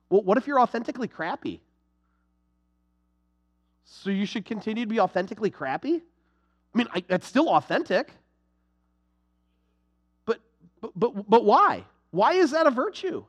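A young adult man preaching a sermon to his congregation, animated and sarcastic, with quick restarts. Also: sits high, husky, long reverb tail. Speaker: pastor.

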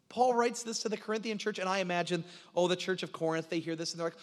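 A man preaching a sermon, animated, acting out quoted lines, with frequent restarts. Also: sits high, fast, few pauses. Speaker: pastor. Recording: reverberant hall sound.

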